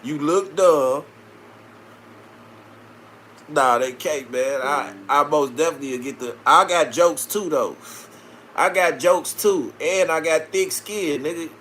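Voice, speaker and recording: A man's voice: a little high, a little slow, pauses often, fairly bright tone, a little hiss or hum. A man from Chicago hosting a casual live stream, answering viewer comments with brash, profane street banter. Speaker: livestream host reading viewer comments.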